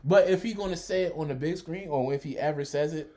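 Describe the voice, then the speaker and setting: A man's voice: fairly high pitch, fast talker, darkish tone. A man co-hosting a podcast, playfully arguing his case in casual chat. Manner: playful, argumentative, laughs while making his case. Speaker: podcast co-host.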